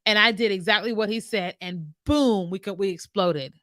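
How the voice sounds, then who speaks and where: A woman with a bright, forceful voice talks casually to her viewers about faith, acting out both sides of conversations as she tells her story. The sound is dry and close, with no room around it. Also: mid-range voice, moderate pace, no room sound. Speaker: host answering viewer comments. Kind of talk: casual faith talk, live stream.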